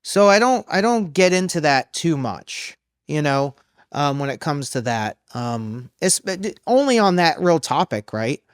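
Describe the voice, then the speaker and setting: A man who coaches singers, explaining in a loose, halting way during a casual podcast interview. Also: a little high, big pitch swings, clear, resonant tone, dry recording, clean studio sound. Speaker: vocal coach. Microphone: studio microphone.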